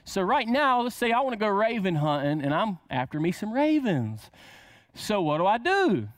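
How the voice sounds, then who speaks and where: A man's voice: sits high, very animated, normal speed, dry recording. A man preaching a casual sermon to camera, asking rhetorical questions and drawing words out for emphasis.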